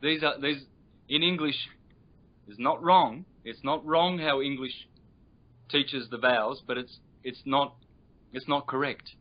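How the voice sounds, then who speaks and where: A man speaking as a guest teacher on a call, explaining patiently and drawing out sounds as he demonstrates them. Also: mid-range voice. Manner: patient and instructive, drawn-out demonstrated vowel sounds. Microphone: video call. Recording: lo-fi internet call audio.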